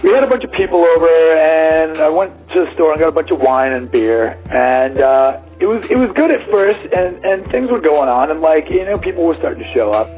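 A man's voice: fairly high pitch, lively intonation, fairly quick, few pauses, a little mellow, soft background music, rough recording. A man telling a personal story in a casual, rambling way, full of fillers and acted-out quotes. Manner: rambling, many "like"s, acts out quotes.

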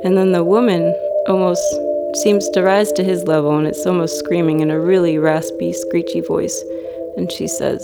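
A woman telling a personal story in a slow, reflective, dreamy way. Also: fairly low pitch, steady tone, creaky. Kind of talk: personal story told to an audience. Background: loud music.

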